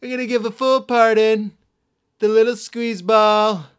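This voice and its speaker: A man's voice: high-pitched, flat delivery, moderate pace, smooth, pitched above the performer's own voice, natural voice. A man doing a boastful rambling old politician. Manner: self-congratulating, repetitive boasts. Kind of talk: comic impression.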